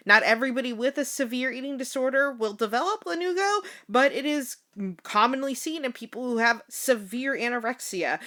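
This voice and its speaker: A young woman co-hosting a casual podcast chat, explaining history in a relaxed, joking way and laughing easily. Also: fairly high pitch. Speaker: podcast co-host.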